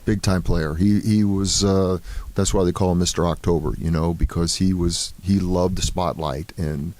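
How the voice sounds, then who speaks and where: A man's voice: low voice, normal speed, dry recording. Older man telling old ballplayer stories. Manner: relaxed anecdotal storytelling with many fillers. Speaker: former baseball player, guest. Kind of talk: casual storytelling interview.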